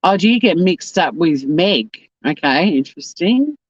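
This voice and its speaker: This South Australian woman hosts a casual YouTube livestream, bluntly rambling and swearing while reading comments aloud. Her lowish voice has lively intonation, a measured pace and a breathy edge, recorded lo-fi with no echo.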